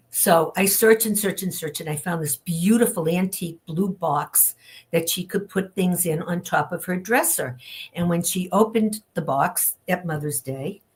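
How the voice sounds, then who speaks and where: An older woman, a guest on an interview show, telling a personal story frankly and acting out the people she quotes. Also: on the low side. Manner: candid, lively storytelling with acted-out quotes.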